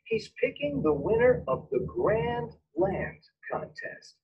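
A woman teacher reading a storybook aloud, putting on voices for excited children in a slow, raspy, swooping sing-song. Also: sits high, far from the mic, dull audio, voice pushed up, full character voice.

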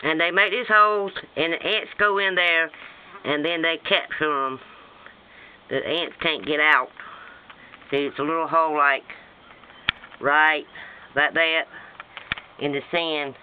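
A man rambling excitably in a casual outdoor home video, chanting a singsong rhyme as he shows off insects in the sand. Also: a little high, a little slow, long pauses. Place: outdoors on sandy ground. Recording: tinny lo-fi phone-like sound with faint noise.

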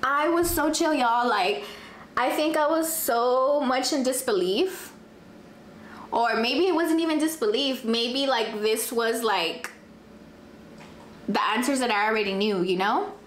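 A young woman, telling a dramatic storytime in casual chat, profane and animated, dropping in Spanish phrases. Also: on the high side, a little slow, a little hiss or hum. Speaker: vlogger. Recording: echoey room, faint ambience.

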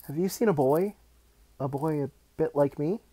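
A man's voice: fairly high pitch, normal speed, mellow, pitched above the performer's own voice, close to an everyday voice. A man voicing a polite, curious schoolboy asking a question.

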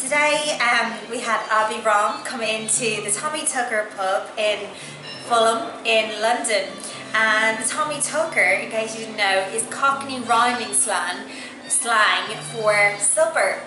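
A woman's voice: a little high, unhurried, echoey room, music in the background, poor audio. An Irish woman who works as a pub waitress, chatting to the camera and laughing often. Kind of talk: casual greeting to camera.

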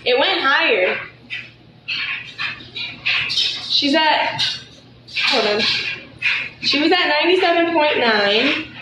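A woman talks casually to her viewers, and her voice sits a little high. She chats and coos at her pregnant dog as she keeps checking its temperature. The phone recording is echoey, with loud background noise throughout. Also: expressive, slow pace, pauses often. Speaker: livestreamer. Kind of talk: casual livestream chat.

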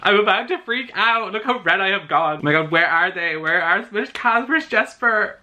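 Bright, gushing young man reacting. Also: high-pitched, moderate pace. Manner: gushing, excitable, squeals and gasps. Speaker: YouTuber reacting to a TV series. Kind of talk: casual excited reaction commentary.

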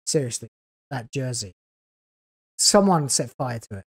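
A woman's voice: extremely low pitch, animated, measured pace, gravelly, slightly rough. A woman hosting a video reaction, talking in a sarcastic, scathing way with exasperated groans. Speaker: YouTube reaction host.

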